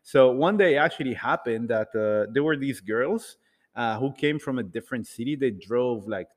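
A man telling a rambling, animated story to an audience in a casual talk, acting out bits of dialogue. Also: medium pitch, normal speed, big-room sound. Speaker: speaker addressing an audience.

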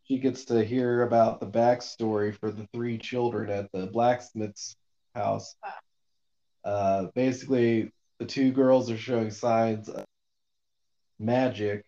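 Slow, mellow-voiced man recapping a book. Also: fairly low pitch, little pitch movement, highs cut off. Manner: rambling, filler-heavy, swears casually. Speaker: podcast co-host recapping a book. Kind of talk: casual book discussion.

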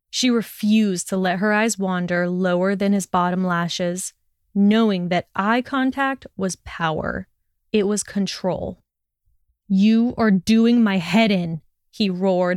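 A woman reading fiction aloud in a steady, expressive narration. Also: medium pitch, smooth, no echo, clean studio sound. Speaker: audiobook reader.

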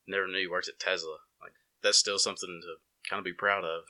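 Deep-voiced man with an Alabama accent. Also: flat delivery, fast talker, bright, forceful tone. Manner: easygoing, laughs often. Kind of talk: casual chat.

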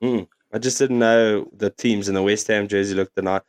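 A man's voice: fairly low pitch, fairly even intonation, moderate pace. A man co-hosting a casual sports podcast, laid-back and teasing. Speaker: podcast co-host. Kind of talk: casual chat.

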